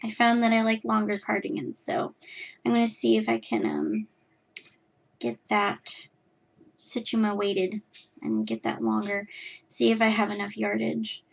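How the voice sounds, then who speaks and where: A woman's voice: medium pitch, steady tone, a little slow, creaky, pauses often. A woman from California, hosting her knitting podcast in a rambling, self-deprecating chat full of fillers and restarts. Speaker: podcast host.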